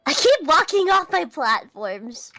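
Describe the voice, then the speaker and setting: A woman's voice: sits high, sing-song, unhurried, bright, forceful tone. A woman chatting as a guest on a stream, hesitant and full of ums. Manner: hesitant, lots of ums and restarts. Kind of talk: casual chat.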